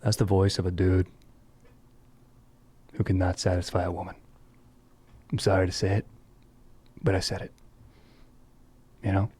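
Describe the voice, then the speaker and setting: A man's voice: low-pitched, level tone, moderate pace, long pauses, warm tone, slightly rough. A man hosting a comedy podcast, riffing in laid-back slang and saying "dude" all the time. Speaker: podcast host. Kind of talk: casual comedic podcast chat.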